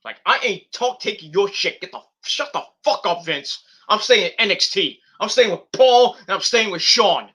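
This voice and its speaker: A young man hosting a wrestling review channel, ranting hotly and swearing as he goes. His voice sits high and rings very bright and edgy. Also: lively intonation, normal speed, few pauses, husky. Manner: profane, heated ranting.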